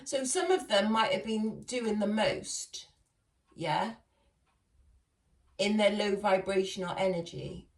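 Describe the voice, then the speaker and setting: Her mid-range voice comes slowly, broken by long pauses, as she does a relaxed tarot reading and laughs often while talking to viewers. She's recorded at a distance in an echoey space.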